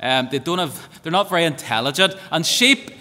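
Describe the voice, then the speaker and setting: A man's voice: fairly high pitch, animated, moderate pace, bright, forceful tone. A man leading a school assembly, upbeat and asking the children questions. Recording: echoey hall reverb.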